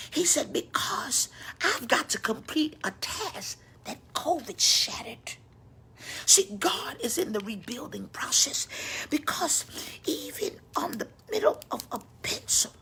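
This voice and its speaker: A woman pastor crying as she preaches an impassioned sermon, swinging between whispers and cries, with breathy asides. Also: sits high, bright, forceful tone. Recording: faint background noise, livestream.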